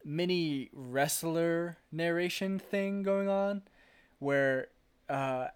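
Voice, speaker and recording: A man's voice: fairly high pitch, drawn-out words, clear, resonant tone. A man in casual chat recapping a film, laughing often, swearing freely and acting out lines of dialogue.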